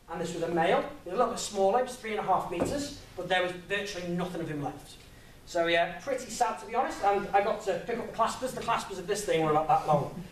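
A young guest speaker gives a public talk, chatty and laughing at his own expense. His voice is high and fairly bright, carrying a slight hiss or hum, and it sounds distant in an echoey room.

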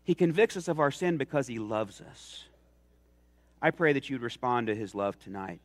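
A man's voice: medium pitch, animated, normal speed. A middle-aged man preaching a sermon in a church, telling stories with rising emphasis. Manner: earnest, storytelling with rising emphasis. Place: church sanctuary.

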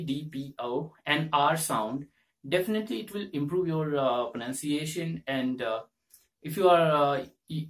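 A man's voice: on the high side, recorded from a distance. A young Indian man with an Indian English accent teaching pronunciation in a casual lesson, repeating drill words over and over.

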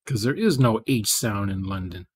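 A man's voice: lowish voice, moderate pace, breathy edge, no room sound, studio quality. A man hosting a programming livestream, rambling in casual chat and muttering to himself as he codes. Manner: rambling, muttering asides while coding.

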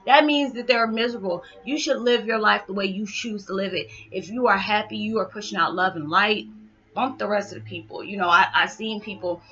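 A woman's voice: medium pitch, steady tone, brisk, bright, forceful tone. A woman talking casually to her viewers in a rambling vlog monologue, full of "you know" and "it's just like.". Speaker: spiritual vlogger. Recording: dull lo-fi sound.

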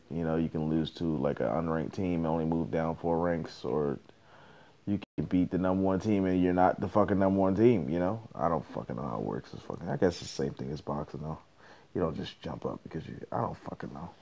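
Low-voiced male podcast host, profane, rambling solo rant.

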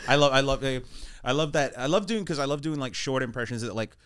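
A man in his thirties hosting a podcast as a comedian, chatting casually, animated and laughing often. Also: medium pitch, quick pace, clear, resonant tone. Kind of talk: casual chat. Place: podcast studio.

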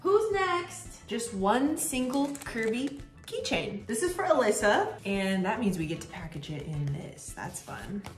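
While packing shop orders, a young woman who works as a small artist chats to herself for a vlog voice-over, cheerful, a little chaotic, and swearing now and then. Her mid-range voice is animated and measured in pace, the room echoes, and music plays in the background.

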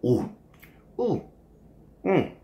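A man's voice: mid-range voice, wildly swooping pitch, very slow, warm tone, reverberant, a little hiss or hum. A man reviewing a supplement in a casual vlog from his home kitchen, joking and swearing as he rambles.

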